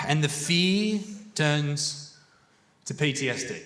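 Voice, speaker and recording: A man's voice: on the high side, very animated, extremely slow, long pauses. A young Australian man doing a crude, swear-filled stand-up set on a comedy stage, telling stories to a live crowd. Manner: crude, swearing, brash storytelling.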